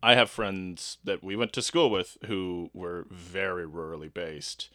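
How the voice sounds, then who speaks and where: A man's voice: low-pitched, fairly even intonation, unhurried, pushed and bright, no room sound. A man co-hosting a casual chat podcast, teasing with dry humor. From Canada. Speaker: podcast co-host.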